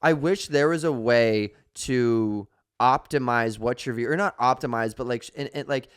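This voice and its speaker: A young man co-hosting a casual podcast, talking in a lively, storytelling way and slipping into quoted voices for his reactions. His voice is smooth and clear, sitting in a middle pitch. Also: normal speed. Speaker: podcast co-host. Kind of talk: casual chat.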